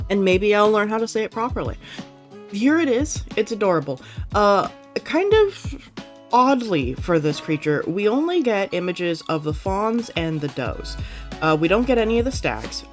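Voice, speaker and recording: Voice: medium pitch, big pitch swings, normal speed, faint music behind. Chatty, upbeat gaming commentator. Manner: chatty, rambling, frequent fillers and self-corrections; upbeat and enthusiastic. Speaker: gaming YouTuber. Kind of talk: casual reaction commentary.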